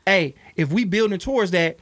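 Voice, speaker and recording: A man's voice: high-pitched, animated, normal speed, a bit bright, no echo. A man hosting a podcast debate, blunt and crude, often cutting in to steer the talk. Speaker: podcast host. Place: studio.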